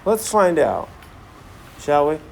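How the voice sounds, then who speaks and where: Teaching science, a man runs a classroom demonstration, cracking jokes and peppering the students with questions. His voice is a little high and sing-song, slow, with vocal fry and slight hiss or hum.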